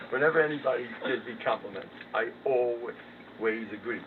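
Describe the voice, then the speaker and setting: A man's voice: mid-range voice, unhurried. Man lecturing over a tinny, noisy line. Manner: self-mocking, swings from mumbling asides to loud emphatic bursts. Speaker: rabbi giving a talk. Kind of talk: humorous Torah lecture. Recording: distant, tinny phone-quality recording with background noise.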